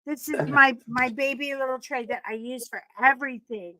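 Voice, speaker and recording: A woman chatting on a live craft stream with a high, bright, sharp voice. She jokes quickly and animatedly, jumping into the conversation. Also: fairly even intonation, no room sound. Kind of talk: casual live-stream chat.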